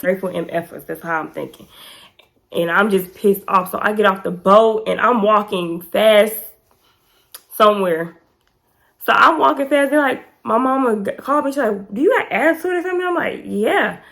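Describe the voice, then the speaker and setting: Young woman vlogger, lively casual storytime, acts out quotes high. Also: vocal fry. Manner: animated, acts out quotes in raised pitch.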